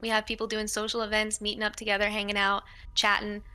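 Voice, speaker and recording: A woman's voice: mid-range voice, completely flat delivery, fast, bright, forceful tone, clean tone. A woman on a call, casually inviting people to an online community with loose, filler-heavy talk. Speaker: caller promoting an online community.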